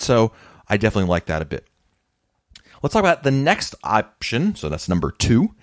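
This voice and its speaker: A man's voice: mid-range voice, no room sound, clean studio sound. A man in his thirties hosting a casual solo podcast, chatty and self-deprecating as he tells stories. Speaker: podcast host.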